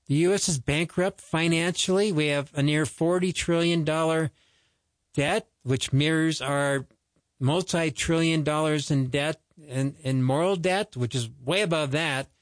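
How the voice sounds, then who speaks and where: A man's voice: a little high, measured pace, no room sound. A man giving an earnest, exhorting radio sermon that rises to urgent pleading. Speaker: ministry host.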